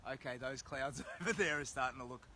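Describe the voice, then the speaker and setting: A man's voice: mid-range voice, fairly quick, bright, forceful tone, slight background noise. An Australian man chatting casually on a livestream, reading out viewer comments while walking by a road. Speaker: livestreamer on a long charity walk. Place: outdoors by a road, windy. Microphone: phone held while walking.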